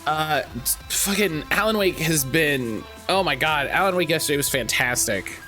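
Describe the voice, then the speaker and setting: A man streaming a video game, chatting casually and excitedly with his viewers, rambling and greeting them by name. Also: a little high, moderate pace, faint music behind. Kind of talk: casual live-stream chat.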